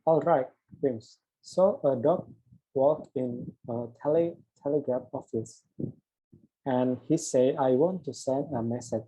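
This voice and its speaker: Slow, husky young man reading a script. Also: medium pitch, warm tone, poor audio. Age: young adult. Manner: halting read-aloud with restarts on words. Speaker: student presenting an assignment. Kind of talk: reading an interview script aloud, voicing both host and guest.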